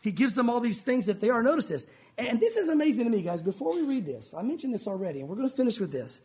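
A man's voice: extremely high pitch, very animated, fast, a little mellow. A pastor, preaching a sermon in an earnest, conversational way and talking straight to his congregation.

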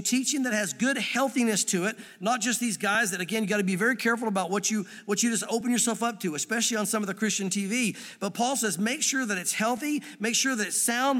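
A male pastor preaching a sermon in a church, in an animated, conversational way with frequent asides. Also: high voice. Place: church sanctuary. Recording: long reverb of a church hall.

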